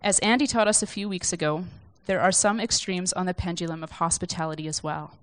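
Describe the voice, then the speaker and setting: A woman's voice: lowish voice, fairly even intonation, a little fast, no echo. A young woman giving an informal sermon from notes in a conversational, reflective, self-deprecating way. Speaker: speaker sharing a church message.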